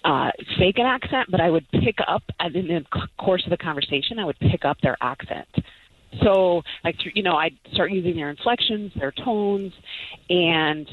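A woman calling in to a radio show, chatty with quick asides, heard over a tinny phone line. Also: fairly low pitch, animated, no echo. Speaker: caller.

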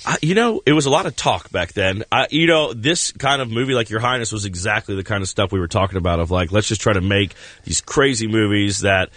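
A man being interviewed in a radio studio, relaxed and dryly self-mocking. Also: fairly low pitch, a little fast, few pauses, no room sound. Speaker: guest actor and filmmaker.

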